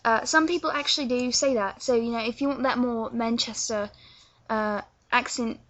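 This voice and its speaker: A woman's voice: a little high, normal speed, few pauses, a bit bright. A young woman from England with a London accent, chatting her way through a casual tutorial with lots of filler words. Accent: London English. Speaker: vlogger teaching accents.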